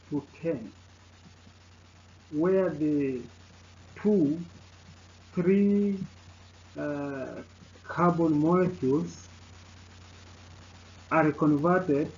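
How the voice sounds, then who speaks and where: A man narrating a slide lecture, pausing often with filler sounds. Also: fairly high pitch, darkish tone. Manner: halting, frequent uh fillers. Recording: dull lo-fi sound with faint noise.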